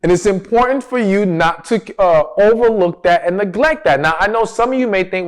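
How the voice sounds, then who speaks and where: A man's voice: high-pitched, normal speed, few pauses. A man hosting a relationship advice talk, speaking straight to the viewer with emphatic stress and rhetorical questions. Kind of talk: direct-to-camera advice talk.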